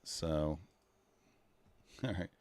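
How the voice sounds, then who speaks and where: Low-voiced man chatting on a trading stream. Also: very slow, dry recording. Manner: rambling, talks to chat while fiddling with software. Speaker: livestreaming futures trader. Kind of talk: casual livestream chat.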